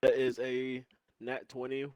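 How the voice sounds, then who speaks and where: A man's voice: medium pitch, completely flat delivery, unhurried, a little mellow, smooth, dry recording. A man playing a tabletop game, talking casually and hesitantly with many ums and restarts. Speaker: player.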